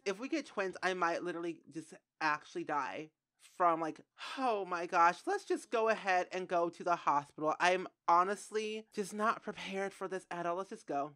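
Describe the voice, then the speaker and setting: Woman giving excitable game commentary. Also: lowish voice. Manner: dramatic, shrieks and cries out in dismay. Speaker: game streamer. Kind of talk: gameplay commentary.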